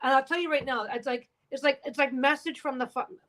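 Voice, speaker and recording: A woman's voice: high-pitched, fairly quick, fairly bright tone, rough recording. A woman chatting casually to her livestream viewers while she sews at home, talking bluntly and swearing freely. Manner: swears a lot, blunt and talkative. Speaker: quilter and livestream host. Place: home sewing room.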